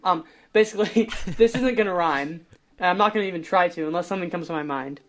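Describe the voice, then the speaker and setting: A woman's voice: lowish voice, quick pace, slight background noise. A woman hosting a casual podcast, chatting in a rambling, self-deprecating way and improvising songs on guitar. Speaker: podcast host. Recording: loud guitar music underneath.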